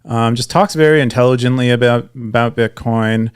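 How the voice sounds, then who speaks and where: A man's voice: medium pitch, moderate pace, clear, resonant tone. A young man co-hosting a podcast, talking casually with frequent fillers and restarts. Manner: rambling, many restarts and fillers. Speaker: podcast co-host. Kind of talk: casual chat.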